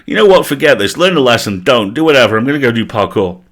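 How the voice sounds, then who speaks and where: A man's voice: mid-range voice, big pitch swings, fast, a bit bright. A man voicing a petulant young male ghost who complains about being overlooked, indignant and whiny.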